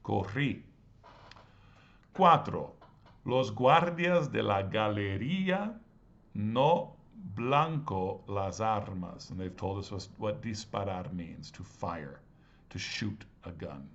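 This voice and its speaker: Patient low-voiced man teaching grammar. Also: expressive, a bit bright. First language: English. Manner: patient, reads Spanish slowly and syllable by syllable. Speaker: Spanish teacher. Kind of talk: explaining grammar exercises. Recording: slightly dull lo-fi audio.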